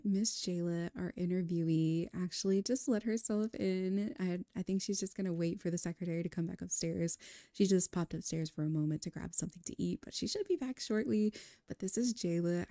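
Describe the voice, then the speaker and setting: Gravelly, low-voiced woman narrating a Sims game. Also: dark tone, dry recording, clean studio sound. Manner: chatty, enthusiastic tour-guide narration. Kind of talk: casual game storytelling narration.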